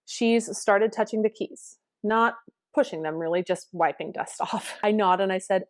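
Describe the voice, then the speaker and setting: A woman piano teacher telling a teaching anecdote in a calm, reflective, explanatory way. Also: medium pitch, moderate pace, dry recording, clean studio sound. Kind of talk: storytelling anecdote.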